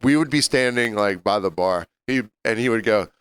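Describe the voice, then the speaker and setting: A man's voice: lowish voice, expressive, moderate pace, a bit bright, clean tone. Laughing, storytelling podcast co-host, a man. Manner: laughing, storytelling, crude humor. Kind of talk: casual banter.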